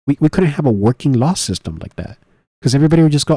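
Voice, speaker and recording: Male commentator, casual solo talk, low mellow voice, halting and rambling delivery, dry close recording. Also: lively intonation, husky, dry recording. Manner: rambling, many fillers and restarts. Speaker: political commentary host.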